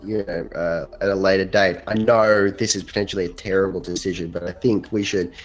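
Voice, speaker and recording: A man playing a tabletop role-playing game, telling his side in an animated way. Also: low-pitched, a little fast, soft background music. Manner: animated, swearing storyteller. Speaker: player.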